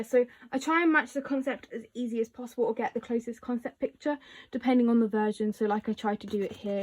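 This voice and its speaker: A young woman vlogger chatting casually as she shows her collection, often laughing and filling pauses with um and like. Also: fairly high pitch, dark tone.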